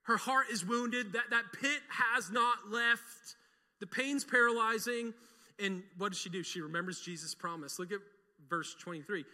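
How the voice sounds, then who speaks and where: Middle-aged man, pastor; emphatic sermon, high and very bright voice. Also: normal speed, big-room sound. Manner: emphatic, leads call-and-response with the congregation.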